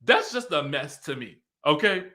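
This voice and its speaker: A man giving a sassy, animated recap of a reality show reunion, acting out the cast's lines as he goes. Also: fairly high pitch, normal speed. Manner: sassy, animated, quoting in mock voices. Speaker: pop culture commentator. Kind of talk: casual recap commentary.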